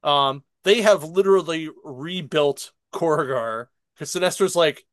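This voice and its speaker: Man recapping a comic, smooth voice. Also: fairly high pitch, slow, fairly bright tone, no room sound, clean studio sound. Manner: rambling with many fillers and laughs. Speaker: comic book podcast co-host. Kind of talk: casual comic review recap.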